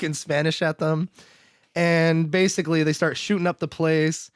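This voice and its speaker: A man's voice: fairly high pitch, moderate pace, clean tone, no echo, clean studio sound. A man co-hosting a podcast, casually recapping a film, laughing and acting out the characters' lines. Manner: animated, laughs, acts out characters. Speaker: podcast co-host. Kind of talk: casual movie recap chat.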